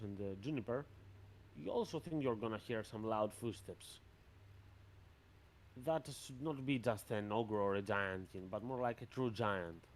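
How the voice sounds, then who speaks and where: Man, game master, tabletop narration, measured, descriptive. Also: lowish voice, slight background noise.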